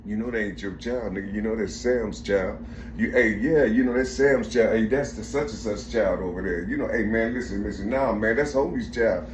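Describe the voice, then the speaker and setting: A man's voice: lowish voice, normal speed, distant mic, slight background noise, pitched below the performer's own voice, natural voice. A man voicing a whispering male spirit that mutters urgent taunts, repeating itself, in an echoey room. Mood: taunting whisper.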